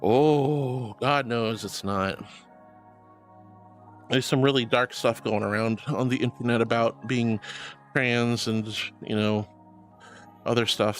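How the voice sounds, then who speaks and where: A woman's voice: a bass voice, measured pace, long pauses, soft background music. A young woman streamer chatting casually and reading out chat messages, bubbly, giggly and affectionate.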